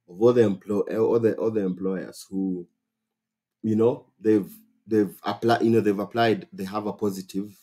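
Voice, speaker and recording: A man with a Kenyan accent hosting a casual advice livestream, talking in an animated, exclamatory way and repeating phrases for emphasis. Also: fairly low pitch, breathy edge. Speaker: host.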